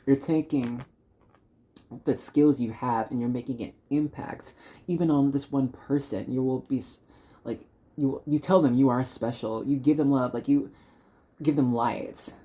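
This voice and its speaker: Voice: mid-range voice, steady tone, measured pace, dark tone. Tarot reader from Dallas, Texas: chatty, encouraging reading, loose and rambling.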